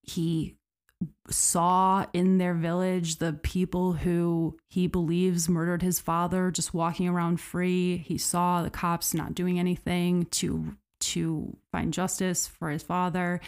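A woman's voice: on the low side, level tone, slow pace, a little mellow. A woman hosting a podcast, telling a true story in a casual, conversational way with frequent fillers. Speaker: podcast host.

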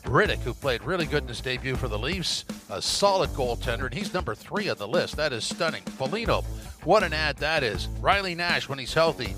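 A man's voice: medium pitch, very animated, fairly quick, music in the background. A man hosting a sports podcast, talking emphatically and exclaiming his verdicts. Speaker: podcast host.

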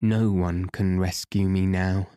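A man reading the part of a despairing enchanted prisoner who wails in a hollow, sad voice. The voice sits low and slow, with a dark tone, as in a storybook read aloud. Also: level tone, smooth, dry recording, studio quality.

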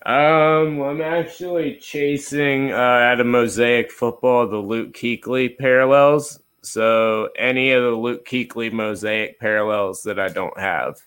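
A man's voice: mid-range voice, measured pace, few pauses, fairly bright tone, clear, resonant tone. A man in a casual interview, speaking as a guest. He talks in an easygoing, rambling way with lots of restarts. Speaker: guest, card collector and dealer.

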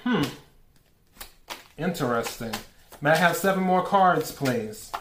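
A man reads tarot cards in a slow, drawn-out way, his voice sitting a bit high. He asks for each card politely and laughs easily along the way. The room around him rings with echo. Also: expressive, a bit bright, a little hiss or hum. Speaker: tarot reader. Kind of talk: casual tarot reading. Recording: echoey room.

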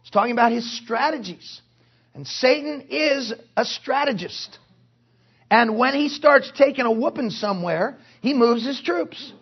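A male pastor preaching a sermon at a conference, forceful and punctuated with joking asides. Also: very high voice, animated, measured pace, breathy edge, highs cut off. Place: conference hall.

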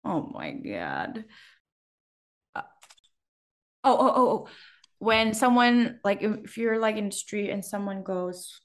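A woman's voice: medium pitch, slow pace, long pauses. A woman co-hosting a podcast in casual chat, telling stories and acting out what people said. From Asia. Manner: animated storytelling, acting out quotes. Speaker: podcast co-host.

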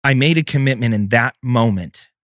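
A middle-aged man, a podcast host, telling an emotional personal story, his voice swinging between loud and hushed. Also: medium pitch, moderate pace, no echo, clean studio sound.

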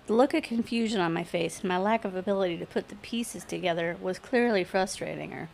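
A woman narrating a first-person story aloud in a steady, matter-of-fact reading voice. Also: fairly low pitch, brisk, creaky, hardly any pauses. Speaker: story reader.

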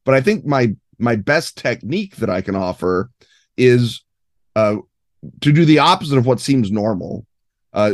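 A man talking as a guest on a gaming podcast, erudite and expansive, with a scattering of fillers. His mid-pitched voice is recorded close and dry. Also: dry recording. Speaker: guest game designer. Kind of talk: podcast interview.

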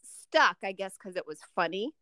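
A woman's voice: mid-range voice, moderate pace. A chatty woman co-hosting a casual podcast, laughing easily and talking with lots of energy. Her voice sits in the middle range and is recorded close and dry, with no room echo. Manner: chatty, laughs often, animated. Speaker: podcast co-host. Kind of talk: casual chat.

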